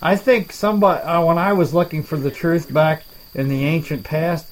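A man's voice: a little high, fairly even intonation, close to an everyday voice, rough recording. A man as a rambling swamp alligator. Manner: rambling, halting, self-deprecating. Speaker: main character of a comedy podcast. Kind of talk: improvised comedy dialogue.

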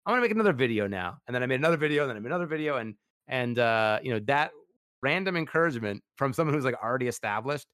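A man's voice: mid-range voice, racing, fairly bright tone, no room sound, studio quality. A man hosting a casual interview, enthusiastic and full of fillers like "like" and "you know". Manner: enthusiastic, heavy use of "like" and fillers. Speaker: podcast host.

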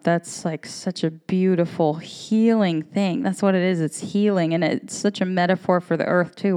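A woman's voice: lowish voice, a little mellow, clear, resonant tone. Candid, rambling woman in her thirties. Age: 30s. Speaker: podcast host. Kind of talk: casual monologue.

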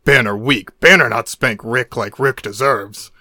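A man's voice: medium pitch, a little slow, sharp tone, no room sound, clean studio sound, heavily acted. Hulk: a man doing a grunting green brute. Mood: menacing. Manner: grunting, broken caveman speech. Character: hulking green brute, blunt and menacing.

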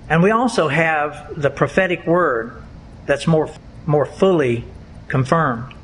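A man preaching a sermon as pastor, in a deliberate, emphatic way. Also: mid-range voice, a bit bright, a little hiss or hum, rough recording. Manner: slow, deliberate, emphatic delivery.

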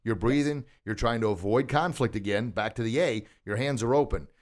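A man's voice: medium pitch, a little fast. A man hosting a coaching podcast from a recording studio, encouraging and upbeat, quizzing his listener with questions and praising the answers. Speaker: podcast host and martial arts instructor. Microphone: studio microphone.

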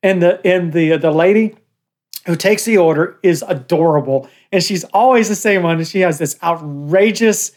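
An older man co-hosting a podcast with his son, telling stories in a joking, animated way. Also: sits high, moderate pace. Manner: joking, animated, laughs often. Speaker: podcast co-host. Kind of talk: casual podcast chat.

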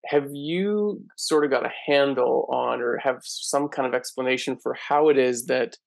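A man's voice: medium pitch, moderate pace, creaky, dry recording. A man hosting a casual interview, asking long, thoughtful, winding questions. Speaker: host.

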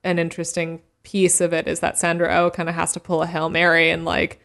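A woman's voice: on the low side, monotone, fairly quick, a bit bright. A woman guest on a podcast, chatting casually and enthusiastically with many fillers. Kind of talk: casual chat.

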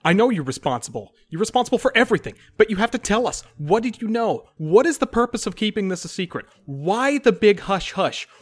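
A man's voice: sits high, very animated, fairly quick, few pauses, voice pushed up. A man voicing his grieving, enraged character, hurling accusing questions at an officer in a tabletop game. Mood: furious.

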